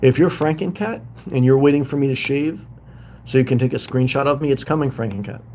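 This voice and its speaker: A man's voice: mid-range voice, a little fast, dark tone, a little hiss or hum. A middle-aged man hosting a casual livestream from a hotel room, rambling and greeting viewers by name as he reads their comments. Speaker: livestream host living in a hotel.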